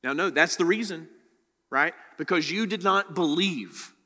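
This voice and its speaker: A man's voice: fairly high pitch, unhurried, pushed and bright, in a large hall. A man preaching a sermon. He reads scripture aloud, then explains it with rising emphasis. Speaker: pastor.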